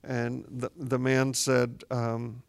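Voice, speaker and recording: A man, a spiritual director, talking casually about Buddhist practice as a reflective, gently wry storyteller. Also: mid-range voice, monotone, slow pace, creaky.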